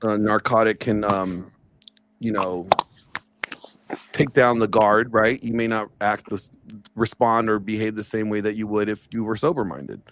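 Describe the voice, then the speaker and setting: A man's voice: on the low side, steady tone, normal speed, fairly bright tone, a little hiss or hum. Hesitant man explaining at length. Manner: hesitant, explanatory, many fillers. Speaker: panelist in a stream debate. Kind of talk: casual discussion.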